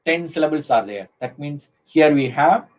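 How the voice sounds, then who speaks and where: A middle-aged man with an Indian English accent giving a live online lecture, speaking slowly and deliberately with many fillers and restarts. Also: fairly high pitch, lively intonation, poor audio.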